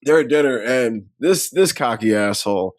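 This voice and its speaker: A man's voice: mid-range voice, normal speed, no echo. Male podcast co-host, casual and profane, acts out scenes while recapping; dry, close recording. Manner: animated retelling, acts out characters' lines. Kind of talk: casual film review chat.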